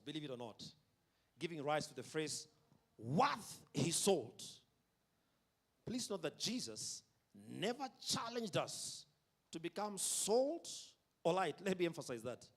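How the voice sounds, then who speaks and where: A man's voice: a little high, big pitch swings. A man preaching a sermon at a concert, emphatic, drawing out key words and having the audience repeat lines after him. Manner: emphatic, drawn-out delivery with call-and-response. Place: concert venue.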